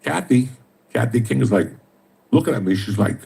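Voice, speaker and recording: A man's voice: mid-range voice, expressive, moderate pace, creaky, mellow, husky. A middle-aged man, telling profane, streetwise stories in casual chat. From New Jersey. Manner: streetwise, swears constantly, tells stories with mimicked dialogue.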